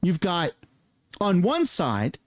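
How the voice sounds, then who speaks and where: A man hosting a casual political commentary rant, swearing and mocking other people with quick impressions. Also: high-pitched, wildly swooping pitch, no room sound.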